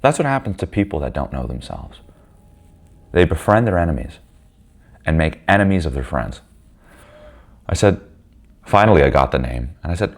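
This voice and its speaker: A man's voice: deep voice, animated, fairly quick. A man leading a men's group, telling a personal story in a blunt, heated, profane way.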